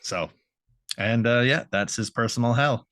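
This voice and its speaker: A man's voice: medium pitch, measured pace, a bit bright, no room sound, studio quality. A man co-hosting a podcast, recapping a cartoon episode in a rambling, laughing way, swearing and acting out lines. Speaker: podcast co-host.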